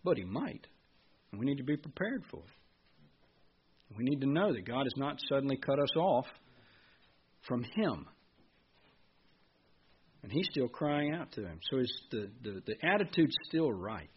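A man's voice: mid-range voice, animated, moderate pace. Preacher, male, talks through the sermon like a chat; muffled lo-fi recording with light hiss. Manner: conversational, asks the congregation questions.

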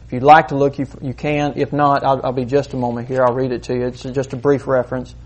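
A man preaching a sermon, moving between quiet asides and loud, emphatic points. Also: mid-range voice, level tone, fast. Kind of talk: sermon with demonstration.

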